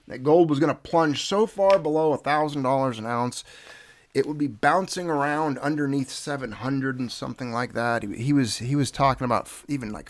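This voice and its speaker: A man's voice: medium pitch, a bit bright, no echo. A man hosting a casual livestream, rambling and greeting viewers by name, sounding stuffed up from nasal congestion. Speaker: livestream host.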